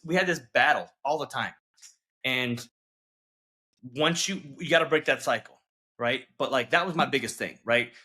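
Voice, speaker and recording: Male coach, mid-range pitch, bright forceful tone, emphatic checking-in delivery. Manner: emphatic, coaching, keeps checking in with "okay?" and "right?". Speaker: guest, relationship coach. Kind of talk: earnest interview talk.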